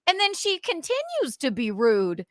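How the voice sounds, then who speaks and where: A woman hosting a casual live stream, animated and swearing as she acts out scenes. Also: high-pitched, dry recording, studio quality. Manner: animated, swearing, acting out scenes with quick voices. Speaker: podcast host.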